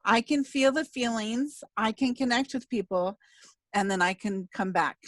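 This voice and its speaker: A woman's voice: fairly high pitch, moderate pace, a bit bright, no room sound. Earnest woman telling an emotional story. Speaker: podcast host and speaker. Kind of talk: casual interview chat.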